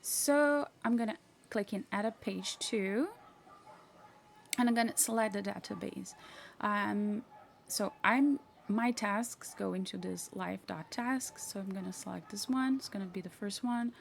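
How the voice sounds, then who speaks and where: A woman hosting a casual software tutorial, chatty and self-mocking, talking to herself as she clicks through. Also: medium pitch, measured pace, vocal fry, a little hiss or hum. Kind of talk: casual screen-share tutorial.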